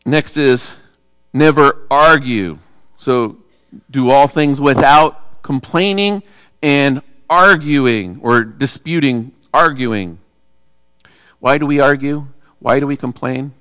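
A man's voice: medium pitch, slow, a bit bright, clear, resonant tone, dry recording, studio quality, in a large hall. Man preaching a conversational sermon. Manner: conversational preaching with rhetorical questions. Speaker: pastor.

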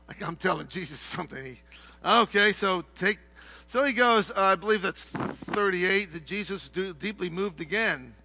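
A middle-aged man preaching a sermon, swinging from hushed, low passages to shouted, heated ones. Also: lively intonation, moderate pace. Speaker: pastor.

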